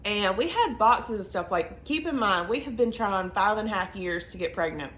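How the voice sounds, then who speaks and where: A young woman with a Southern US accent telling her story to camera in a chatty, earnest way, racing through some phrases and slowing right down on others. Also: medium pitch, expressive, a bit bright. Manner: chatty, earnest, quick bursts between slow emphatic phrases. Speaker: vlogger. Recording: echoey room with faint ambient noise.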